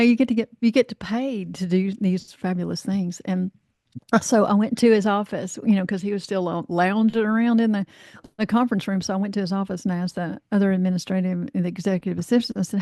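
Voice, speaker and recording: A woman from North Carolina spins a lively anecdote as a podcast guest. She acts out the voices of the people in her story, leans on "you know" and swears with ease, at a middle pitch. Her voice sounds close and dry, with no room echo. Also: brisk. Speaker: guest, life coach. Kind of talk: casual storytelling in a podcast interview.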